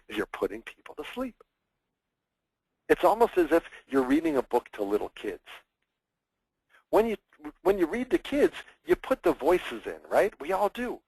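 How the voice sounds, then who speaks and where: Presenting a webinar on public speaking, this man has an animated voice that rises high and dips low, and he acts out examples in teasing mock voices with plenty of energy. His pace is normal. The recording is close and dry with no echo, though the audio is poor.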